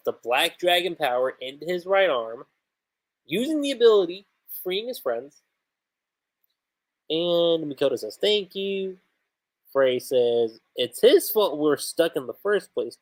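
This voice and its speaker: Animated casual man reviewing a manga. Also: fairly high pitch. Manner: rambling, reads panels aloud, slangy asides. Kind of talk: casual livestream commentary.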